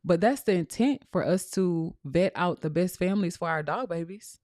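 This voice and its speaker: Woman, 30s, lowish voice, dry sound, casual livestream, preachy coaching tone. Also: normal speed, a little mellow, no echo. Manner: preachy, addresses viewers as y'all. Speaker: dog breeder and business coach.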